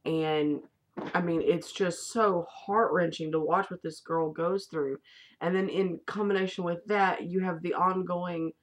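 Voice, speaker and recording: A woman's voice: lowish voice, fairly even intonation, unhurried. A woman vlogger in casual, rambling chat reviewing a favorite movie, with the odd casual swear.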